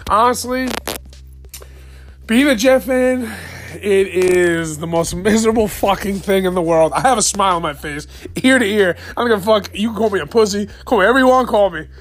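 Excited, profane man ranting late at night. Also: high-pitched, a little fast. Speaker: podcast host. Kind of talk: solo fan podcast rant.

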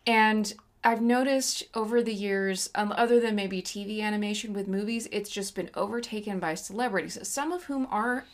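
This is a woman in a relaxed podcast chat about films. She is blunt, opinionated and swears freely, and she has a slight frog in her throat. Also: medium pitch, normal speed, hardly any pauses. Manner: opinionated, ranting, profane. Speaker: podcast co-host. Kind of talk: casual movie review chat.

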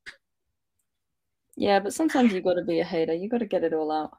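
A woman with a low, mellow voice chimes in casually, agreeing and egging her co-host on. The sound is dry and close to the mic. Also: fast, no room sound. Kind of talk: casual chat.

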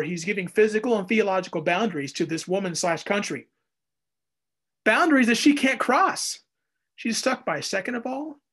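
A man preaching a conversational Bible teaching, animated and acting out little voices as he goes. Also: high-pitched, husky. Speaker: pastor. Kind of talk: expository sermon.

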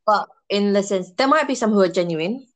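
A woman's voice: medium pitch, lively intonation, fairly quick. Chatty woman snacking while she talks. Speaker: podcast guest. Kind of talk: casual chat.

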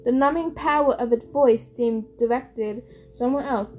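A woman reading a novel aloud in steady first-person narration. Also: fairly high pitch, moderate pace, low-quality recording. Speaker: audiobook reader.

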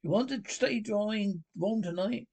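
A man puts on a brisk, excitable water rat from a storybook, pitched a little above his own voice, with a gravelly, husky edge. The rat scolds and hurries his friend along in an impatient, energetic way. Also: full character voice.

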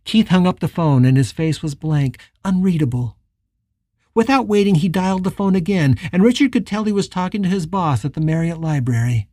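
An audiobook narrator giving a calm, measured reading of a novel. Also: medium pitch, no room sound, studio quality. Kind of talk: scripted narration.

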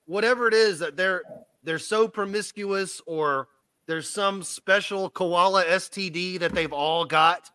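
A man with a high, bright and tense voice hosts a loose podcast chat, firing off teasing questions and laughing between them. His voice sits close and dry, with no room sound around it. The delivery is quick and playful. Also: clear, resonant tone, no echo. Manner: bantering, fires off questions, laughs often. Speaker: podcast host. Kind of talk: casual wrestling podcast chat.

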